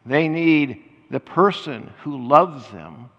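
Older male pastor, conversational preaching, expressive delivery, big echoing church. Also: fairly high pitch, slow pace, dull audio. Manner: animated, conversational preaching with laughs and restarts. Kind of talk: sermon. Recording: long hall reverb.

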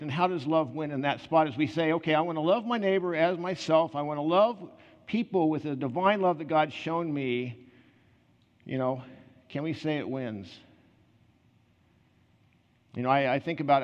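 A man preaching a conversational sermon, telling personal stories in an earnest way with quick asides and restarts. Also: a little high. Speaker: pastor. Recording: reverberant hall, slightly muffled.

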